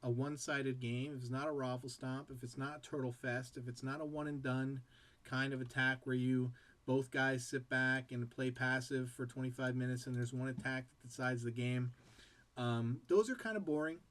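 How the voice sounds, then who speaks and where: A man's voice: medium pitch, steady tone, moderate pace, a bit bright. A man hosting a casual game commentary show, chatting in a rambling way and jumping between tangents and play-by-play. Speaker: game caster and show host.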